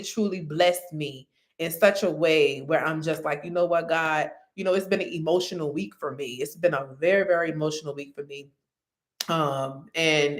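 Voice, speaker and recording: A woman, chatting candidly to viewers about faith and her eating habits, calling them y'all. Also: fairly low pitch. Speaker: vlogger. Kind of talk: casual faith-based talk.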